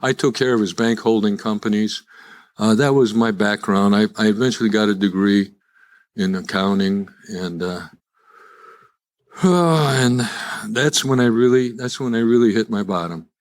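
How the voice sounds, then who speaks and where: A man's voice: on the low side, moderate pace. An older man, speaking to a live audience as a recovery speaker, telling his own story with self-deprecating humor and frequent restarts. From Chicago. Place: live event before an audience.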